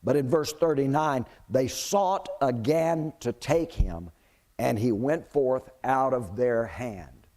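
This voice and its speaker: Speaking slowly in a mid-range voice, a male preacher animatedly retells a Bible story as part of his sermon, putting questions to the congregation as he goes.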